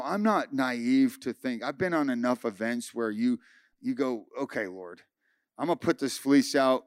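A man pastor giving a sermon, telling a personal story with lively acted-out dialogue. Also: mid-range voice, clear, resonant tone, dry recording, clean studio sound. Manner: animated storytelling, acting out dialogue. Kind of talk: sermon testimony.

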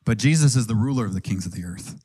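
A man's voice: on the low side, lively intonation, fast talker, dark tone, husky. Earnest, conversational male preacher. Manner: earnest, conversational preaching with ums and audience questions. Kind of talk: sermon.

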